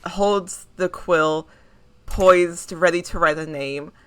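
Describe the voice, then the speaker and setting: A woman narrating a tabletop game as game master, describing scenes in a halting way with fillers. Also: lowish voice, a bit bright, smooth. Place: home streaming setup.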